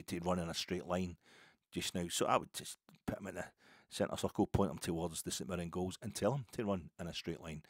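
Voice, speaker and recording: A Scottish man in his fifties talks through his own podcast in a deep, slightly husky voice. He rambles and doubles back on himself with dry, wry humour, and the sound is close and dead with no room echo. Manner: rambling, wry, self-correcting. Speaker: football podcast host. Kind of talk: casual solo podcast chat.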